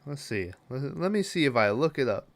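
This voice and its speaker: Male podcast host, casual rambling recap, animated pitch, many ums and restarts. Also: brisk. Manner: rambling, full of fillers and restarts.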